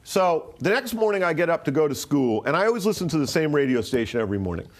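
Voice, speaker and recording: A man's voice: a little high, big pitch swings, fast. A man in his sixties from Rhode Island, telling a personal story as an interview guest in a rambling way, full of "like", restarts and swearing. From Rhode Island, USA. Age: 60s.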